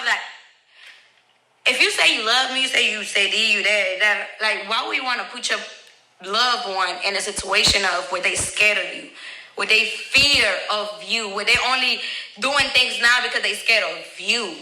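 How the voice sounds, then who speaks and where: A woman's voice: medium pitch, normal speed, sharp tone, reverberant, low-quality recording. A young woman and mother bluntly telling her own story to viewers, emotional and swearing, talking straight to the audience. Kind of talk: candid personal storytelling to viewers.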